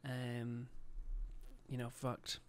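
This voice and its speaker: A man's voice: mid-range voice, monotone, very slow, clean tone. A young man livestreaming a game, chatting casually, swearing a lot and reading out chat and subscriber messages. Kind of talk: casual live-stream chat.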